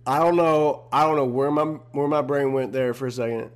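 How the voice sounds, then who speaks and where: A man's voice: mid-range voice, fairly even intonation, moderate pace. A young man hosting a casual solo podcast, talking in a laid-back, slangy way. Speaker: podcast host.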